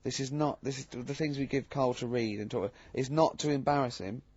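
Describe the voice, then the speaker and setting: A man's voice: medium pitch, a little fast, darkish tone, breathy edge, muffled recording. A man hosting a radio show, joking along in casual studio banter with many restarts.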